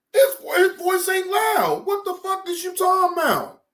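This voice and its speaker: A woman hosting a reaction video, talking in loud, cursing, indignant outbursts. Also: very high voice, animated, moderate pace, few pauses. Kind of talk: casual reaction commentary.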